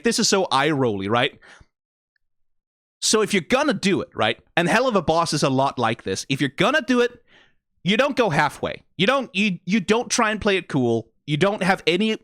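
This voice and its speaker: Profane, excitable video reactor with a very lively pitch and a dry, close sound. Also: normal speed, no echo. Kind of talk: reaction commentary.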